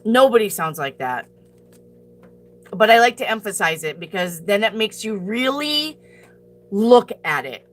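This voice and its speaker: A woman's voice: medium pitch, sing-song, unhurried, long pauses, soft background music. A woman reading tarot on a live stream, talking bluntly and profanely as she answers her chat and hands out tough advice.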